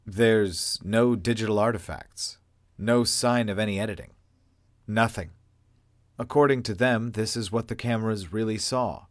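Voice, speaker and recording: A man playing a mild, unflappable male security director who speaks calmly. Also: lowish voice, no room sound, clean studio sound, lightly acted. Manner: calm, measured.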